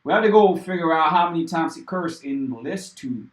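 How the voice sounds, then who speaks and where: A man's voice: a little high, expressive, a little fast. A young man livestreaming while he codes, thinking aloud in a casual, rambling way, swearing often and talking to his chat. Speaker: livestreaming programmer. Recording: roomy echo.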